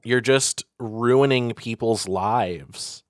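A man co-hosting a podcast in casual chat over a video call. He talks in a measured way and makes dry jokes. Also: medium pitch, dry recording. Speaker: podcast co-host.

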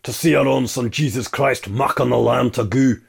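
A broad Scottish carol singer, put on by a man mid-rant stretches each line out in a drawn-out, mock-solemn sing-song. The accent is laid on thick. The tune is half spoken and half sung. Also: medium pitch, gravelly, slightly rough, exaggerated voice.

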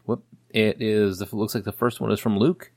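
A man co-hosting a casual podcast, jokey and quick to laugh. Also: lowish voice, level tone, darkish tone, no echo, clean studio sound. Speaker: podcast co-host.

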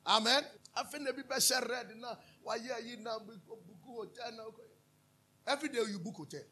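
A Ghanaian man preaching a sermon as pastor, animated, drifting into sung lines and asking his listeners to answer back. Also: very high-pitched, fairly quick, breathy edge. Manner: calls for audience responses, asks and answers himself.

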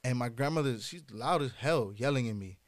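A young man casually telling a personal story on a podcast, profane and animated, acting out the other people's lines. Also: medium pitch, brisk, no echo. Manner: casual, profane, animated retelling with quoted dialogue.

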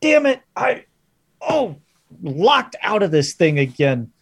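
A man's voice: on the high side, sing-song, slow, vocal fry, husky, no room sound, heavily acted. A man voicing a harried, grumbling tavern barmaid who curses under her breath. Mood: exasperated. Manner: exasperated, cursing under breath.

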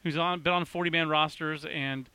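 A man hosting a casual baseball chat, talking fast and excitedly with lots of restarts. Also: fairly high pitch, clean tone, no room sound. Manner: excitable, rapid, full of restarts. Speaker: baseball podcast host.

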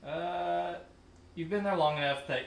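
A man's voice: on the high side, a little slow, vocal fry. A man narrating as game master of a tabletop game, hesitant, with frequent ums and uhs. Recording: echoey room, distant mic, faint noise.

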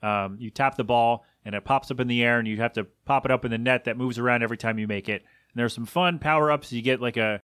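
A man's voice: mid-range voice, fast, hardly any pauses, a bit bright, clean tone, no echo, studio quality. A man hosting a casual solo podcast, rambling and exasperated as he rants with frequent asides. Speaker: podcast host.

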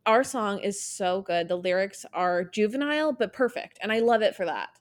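A young woman co-hosting a podcast in easy, chatty conversation. She laughs often and keeps the talk playful and animated, with a voice of middle pitch. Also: normal speed. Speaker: podcast co-host. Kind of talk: casual chat.

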